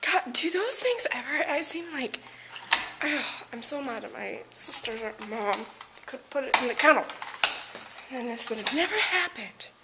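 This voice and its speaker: A young woman vlogs at home, chatting to camera in a high-pitched, sing-song voice at a moderate pace over heavy background noise. She rants and laughs about an embarrassing day.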